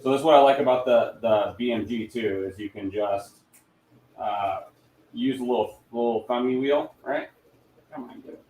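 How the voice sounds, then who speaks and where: A man's voice: mid-range voice, moderate pace, darkish tone, a little hiss or hum. A man hosts a casual hands-on demo in a workshop. He jokes around and mutters to himself while he tinkers. His mid-range voice rings out in a roomy echo. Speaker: host.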